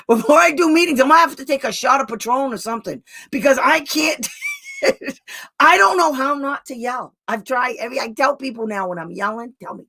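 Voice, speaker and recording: A woman's voice: high-pitched, sing-song, normal speed, vocal fry, bright, forceful tone. A woman special education advocate talking to parents in a blunt, angry rant, raising her voice at times and laughing between outbursts. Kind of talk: heated live talk to parents.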